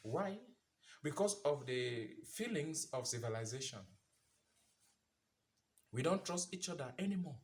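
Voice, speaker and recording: Male commentator, preachy and repetitive, animated, slightly high voice. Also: unhurried, long pauses. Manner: preachy, asks rhetorical questions, repeats phrases for emphasis. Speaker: vlogger. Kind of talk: impassioned commentary monologue.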